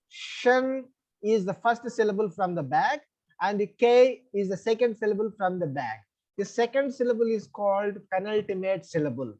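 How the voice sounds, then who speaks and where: A man with an Indian English accent teaches an online English class over a call, his voice high-pitched with a darkish tone and a muffled recording. He walks through the rules step by step, repeats them, and checks that his students are following.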